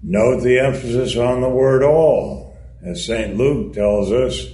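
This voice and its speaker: Male reader for a sermon, slow and measured, wry delivery, roomy sound. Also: medium pitch, warm tone. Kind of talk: read-aloud sermon. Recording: echoey room.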